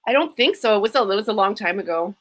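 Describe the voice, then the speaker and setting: A Canadian woman with a Canadian accent, a tribute performer, chats casually on a live show from a home microphone setup. Her mid-range voice is fast, and she is chatty and animated, laughing often.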